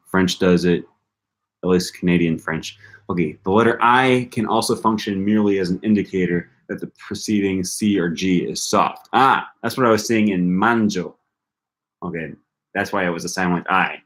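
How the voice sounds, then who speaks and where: A man's voice: deep voice, moderate pace. A young man on a casual live-stream study session, thinking aloud and repeating pronunciations as he works through his notes. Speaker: language-learning streamer.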